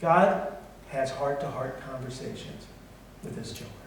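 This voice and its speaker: A middle-aged man preaching a blunt sermon as pastor, going from loud, forceful passages down to soft, quiet ones. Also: medium pitch, a little slow, a little hiss or hum. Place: church sanctuary. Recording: echoey hall from far off.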